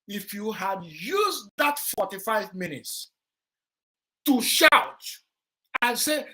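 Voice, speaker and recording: A Nigerian-accented woman with a notably high voice delivers impassioned livestream commentary. She repeats herself for emphasis and talks straight at the person she criticizes, lecturing with force. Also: very animated, slow. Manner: forceful, repetitive, lecturing, addresses a rival directly. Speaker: vlog host.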